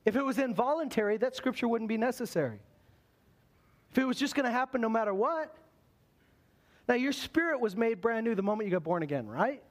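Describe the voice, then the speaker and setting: High-voiced man preaching a sermon. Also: animated. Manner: earnest preaching, slows down on scripture quotes, conversational asides. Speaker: pastor.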